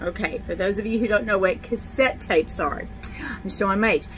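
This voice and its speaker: A woman's voice: medium pitch, moderate pace, soft background music, low-quality recording. A middle-aged woman, telling her faith testimony in a chatty, candid way with many fillers and restarts. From Texas. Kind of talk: casual personal testimony.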